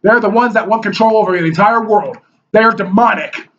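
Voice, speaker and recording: Guy with a really high voice ranting at the camera, heated and mocking, dull muffled lo-fi audio. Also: brisk, fairly bright tone, slight background noise. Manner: heated and mocking, mimics opponents in whiny voices. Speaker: video blogger. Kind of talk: ranting monologue. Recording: dull lo-fi recording.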